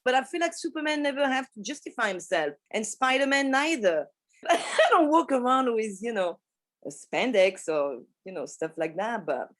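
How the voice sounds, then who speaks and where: A woman from France with a French accent, telling personal work stories in a casual, animated way, laughing often and swearing freely. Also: fairly high pitch, normal speed. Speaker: pastry shop manager and teacher.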